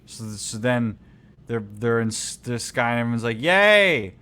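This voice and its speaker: A man co-hosting a comedy show, riffing loudly on a movie with silly put-on voices. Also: medium pitch, completely flat delivery, normal speed, smooth. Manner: rowdy, joking, silly voices. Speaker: podcast co-host.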